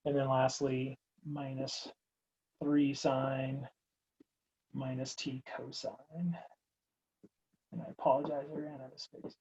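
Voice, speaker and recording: A man's voice: mid-range voice, flat delivery, slow pace, long pauses, a little mellow, breathy edge. A man teaching a recorded math lecture, working through steps aloud in a casual, wry way. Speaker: math instructor.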